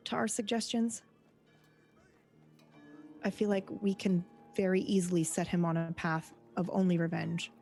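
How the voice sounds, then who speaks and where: A woman's voice: on the low side, creaky, dark tone. A woman voicing a blunt, cautious adventurer who speaks plainly and practically.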